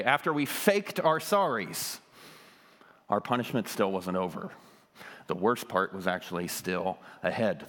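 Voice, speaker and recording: A man's voice: on the low side, a bit bright, big-room sound. A man giving a conversational sermon, telling a childhood story with lots of ums and self-deprecating humor.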